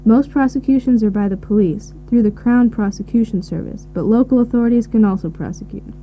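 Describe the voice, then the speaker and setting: A woman giving measured, informative answers in a scripted listening recording. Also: a little high, mellow. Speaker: expert answering questions. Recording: tinny phone-like audio with faint hiss.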